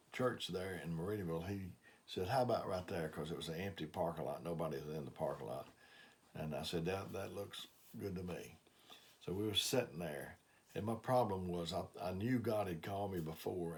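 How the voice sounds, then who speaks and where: Older southern guy from alabama preaching, real low voice, folksy story-style with lots of uh's. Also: a little mellow. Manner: plain folksy storytelling, frequent "uh" fillers. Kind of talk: testimony sermon.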